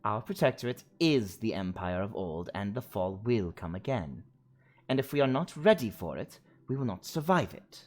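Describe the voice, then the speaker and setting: Man doing a stern, anxious old woman professor with a lively delivery. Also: on the low side, normal speed. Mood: insistent. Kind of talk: reading game dialogue aloud.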